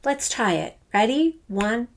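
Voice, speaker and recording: An upbeat woman leads a children's rhythm lesson and speaks straight to the learner with plenty of praise. She talks at an unhurried pace and stretches each chanted fruit name so every syllable lands on the beat. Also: fairly high pitch, animated, a little hiss or hum. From Canada. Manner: draws out and stresses syllables while chanting fruit names. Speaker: elementary music teacher.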